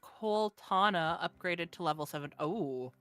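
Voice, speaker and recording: A woman's voice: lowish voice, measured pace, fairly bright tone, clear, resonant tone, dry recording. A woman playing a co-op game with a friend, making dry, wry remarks. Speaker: co-op gaming partner. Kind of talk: casual co-op gameplay chat.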